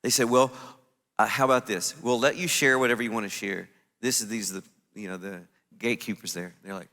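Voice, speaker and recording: Male conference speaker with a lowish, bright voice, lively storyteller, hall echo. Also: brisk. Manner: animated, acts out his own quoted reactions. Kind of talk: storytelling talk on stage. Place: conference stage in a large venue. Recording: echoey large hall.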